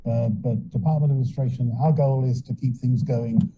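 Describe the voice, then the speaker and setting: A man with a British accent, a government director speaking as a guest on a radio talk show, halting and repeating words as he thinks. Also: mid-range voice, fairly even intonation, warm tone, a little hiss or hum, poor audio.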